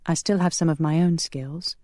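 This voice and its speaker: Narrator voicing a soft earnest angel woman, gentle, dry recording. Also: mid-range voice, steady tone, normal speed, no echo, lightly acted.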